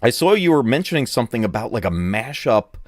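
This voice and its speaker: Gaming streamer, male, lively delivery, dry close-miked sound, chatty and excitable. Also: medium pitch, fast, no room sound. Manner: excitable, laughs often, talks to chat. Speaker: gaming channel host. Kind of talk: casual live-stream chat. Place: home room.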